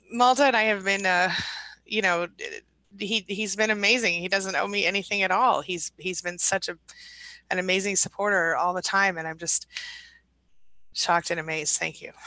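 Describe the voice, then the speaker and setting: A woman hosting a live stream, reading out viewer comments with a warm, emotional manner. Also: on the low side, steady tone, measured pace, long pauses, no room sound. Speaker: host.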